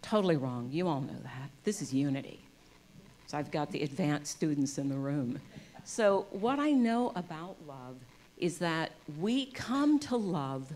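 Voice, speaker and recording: At a church service, a guest woman with a lowish voice gives an inspirational talk about love and spirituality before a live congregation, poking fun at herself along the way. Very animated yet unhurried, she moves from soft, intimate moments to loud emphasis and acts out the voices of people in her stories.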